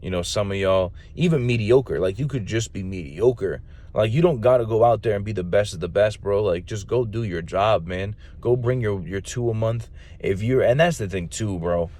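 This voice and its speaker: A man's voice: fairly low pitch, normal speed, a little mellow. A man in his thirties, a Marine recruiter, talking casually and bluntly with profanity and slang. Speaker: podcast host, Marine recruiter. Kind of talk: casual chat.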